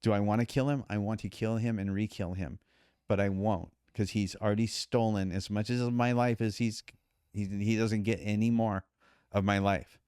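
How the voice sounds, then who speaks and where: Guest voice: emphatic middle-aged man, low and smooth, dry close sound. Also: moderate pace, dry recording. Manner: emphatic, animated retelling with quoted dialogue. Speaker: podcast guest. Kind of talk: storytelling in conversation.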